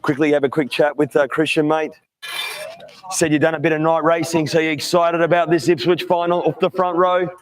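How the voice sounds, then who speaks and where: Upbeat high-voiced grid announcer. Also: male voice, level tone, a little fast. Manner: upbeat, chummy, calls everyone mate. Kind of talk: trackside grid interviews. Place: outdoor kart track grid at night.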